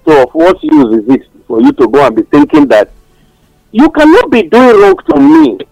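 A man's voice: high-pitched, huge pitch swings, normal speed, gravelly, darkish tone, no echo, low-quality recording. A man with a Nigerian accent giving passionate radio talk-show commentary, mixing English with Pidgin and telling stories. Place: radio studio.

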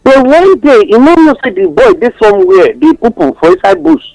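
A Nigerian-accented man talks passionately on a radio show, moving between English and Pidgin as he tells stories. His voice sits high and swings widely in pitch. It has a gravelly texture and a dry studio sound, with faint music underneath. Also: sing-song, fairly quick, darkish tone, no echo, rough recording. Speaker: radio commentator. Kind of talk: animated radio talk-show commentary.

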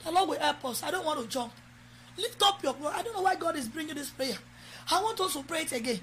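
A woman's voice: very high-pitched, animated, a little fast, slight background noise. A woman with a Nigerian accent preaching a sermon and leading prayer, emphatic and exhorting. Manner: emphatic, exhorting, switches into Yoruba. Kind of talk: sermon with prayer over a live stream.

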